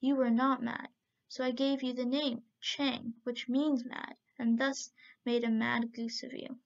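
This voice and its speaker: A woman reading a soothing, gentle young man. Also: fairly high pitch, flat delivery, unhurried, gravelly. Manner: soothing, earnest. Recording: muffled lo-fi recording.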